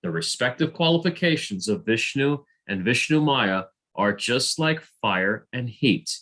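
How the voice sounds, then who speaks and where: Man reader on a video call, unhurried and deliberate, reads scripture at an even mid pitch. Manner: slow, deliberate reading. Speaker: reader in an online scripture study group. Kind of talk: reading scripture aloud.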